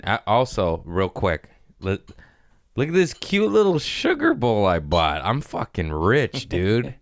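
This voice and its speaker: A man with a low voice hosts a loose solo podcast, rambling, cursing freely and laughing often. The sound is dry and close, with no room around it. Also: vocal fry, dry recording. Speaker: comedian and podcast host. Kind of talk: casual solo podcast monologue.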